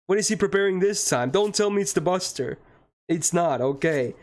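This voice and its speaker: A man's voice: high voice, animated, moderate pace. A man streaming a game live, talking casually to his chat and getting frustrated, swearing and ranting about the game.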